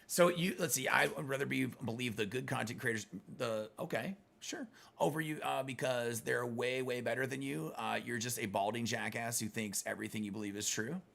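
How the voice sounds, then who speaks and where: Chatting with his viewers mid-game, this middle-aged streamer calls them brother and gets blunt and foul-mouthed with trolls. His medium-pitched voice is a bit bright with vocal fry, he talks fairly quickly, and he's close to the microphone.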